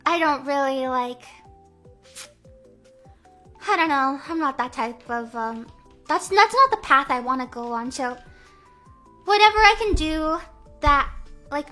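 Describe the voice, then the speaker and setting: A woman's voice: high voice, sharp tone. A young woman streaming as a VTuber, chatting casually in a rambling, stammering, Valley-girl way full of fillers. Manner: stammering, repeating phrases. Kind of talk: casual livestream chat.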